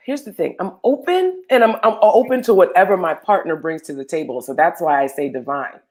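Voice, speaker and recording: A woman's voice: on the low side, lively intonation, normal speed, a little mellow. A woman co-hosting a casual live chat show, blunt, swearing and laughing as she talks. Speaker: podcast co-host.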